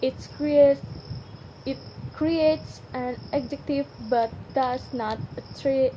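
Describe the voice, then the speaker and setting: A woman's voice: sits high, slow pace, mellow. A young woman reading a class presentation, carefully pronouncing each word twice. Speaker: student presenter. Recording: noisy home recording with crickets. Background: crickets and insects.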